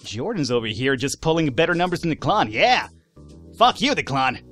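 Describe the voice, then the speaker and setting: A man giving casual, animated let's-play commentary, swearing, laughing and talking back to the game's characters. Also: on the high side, moderate pace, soft background music. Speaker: gaming YouTuber.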